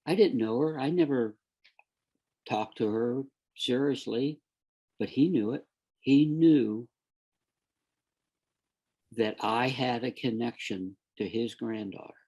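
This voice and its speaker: A middle-aged man with a gravelly, slightly husky voice tells his story in a relaxed, conversational way. He slips in and out of the voices of the people he quotes and keeps the telling lively. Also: medium pitch, slow pace, long pauses. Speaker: guest sharing a near-death story.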